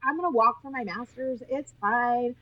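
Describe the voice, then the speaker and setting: A woman from Utah, a nurse, telling animated stories as a podcast guest, often laughing and acting out what people said. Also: on the high side, normal speed, highs cut off. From Utah, USA. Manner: animated, laughing, acts out quoted speech. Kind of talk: casual interview storytelling.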